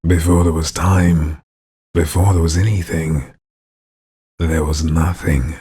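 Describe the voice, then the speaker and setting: A man voicing an ominous epic trailer narrator with slow, drawn-out, dramatic delivery. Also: a bass voice, steady tone, mellow, slightly rough, full character voice.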